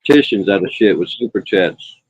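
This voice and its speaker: A man's voice: deep voice, animated, brisk, lo-fi sound. A man guesting on a livestream panel, brash and boastful, swearing freely in casual chat. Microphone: streaming call mic.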